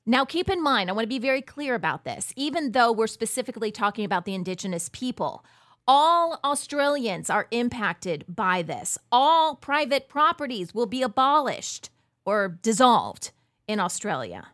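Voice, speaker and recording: Host, woman, higher-pitched, chatty and emphatic, dry close recording. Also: very animated, moderate pace, a bit bright, dry recording. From United States. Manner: chatty, emphatic, frequent asides and fillers. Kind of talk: casual monologue commentary.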